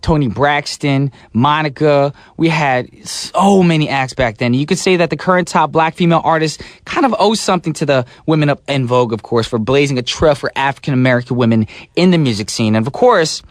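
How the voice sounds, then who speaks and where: Radio dj guy, kinda high voice, bouncy and slangy, super dry studio sound. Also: a little fast, hardly any pauses, dry recording. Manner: energetic, playful, slangy. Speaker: radio DJ and host. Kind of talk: radio DJ chat. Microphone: studio microphone.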